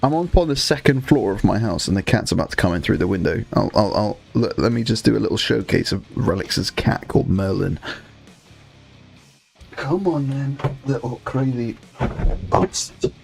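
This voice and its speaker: Gravelly man chatting. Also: fairly low pitch, expressive, quick pace, hardly any pauses, darkish tone, soft background music. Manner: joking, sweary, chatty with chat. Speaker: livestream host. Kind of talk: casual livestream chat while painting miniatures.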